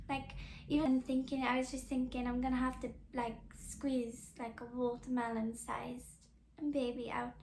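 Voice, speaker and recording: A young woman hosting a podcast, telling a personal story in a casual, chatty way, full of "like" fillers and soft confiding asides. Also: high voice, creaky, reverberant, slight background noise. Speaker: podcast host.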